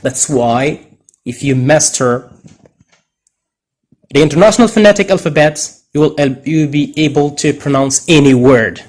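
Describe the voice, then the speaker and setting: A man teaching English pronunciation in a deliberate way, with Arabic as his first language, exaggerating stressed words as he models them. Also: medium pitch. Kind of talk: pronunciation lesson.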